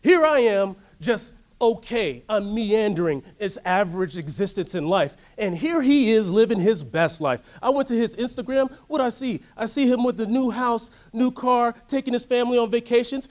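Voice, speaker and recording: A man giving a motivational workshop talk, telling a story in an animated way and asking the audience to join in. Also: extremely high pitch, normal speed, hardly any pauses. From United States. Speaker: workshop speaker. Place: workshop room.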